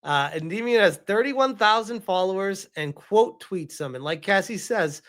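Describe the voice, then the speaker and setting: Exasperated host with lively, swinging pitch. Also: moderate pace. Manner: exasperated, sarcastic, reads posts aloud. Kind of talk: casual commentary on online drama.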